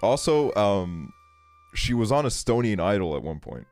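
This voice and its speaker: A man's voice: on the low side, big pitch swings, normal speed, a little mellow, faint music behind. A young man streaming a game, telling a casual story in a rambling way, full of fillers and swearing. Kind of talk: casual storytelling while gaming.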